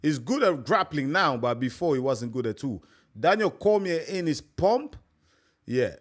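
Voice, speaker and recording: A young man with a fairly high voice hosts a live stream. He chats casually, rambles and repeats himself, and keeps calling his listeners mate. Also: big pitch swings, unhurried. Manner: chatty, repetitive, peppers talk with "mate".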